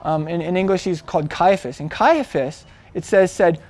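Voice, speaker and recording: A man with a noticeably high voice retells a Bible story in a relaxed, chatty teaching style. He talks like he is telling friends about it, full of "like" and "um", restarting his sentences as he goes. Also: normal speed, no room sound. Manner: conversational, animated retelling with many fillers and restarts. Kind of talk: casual storytelling sermon.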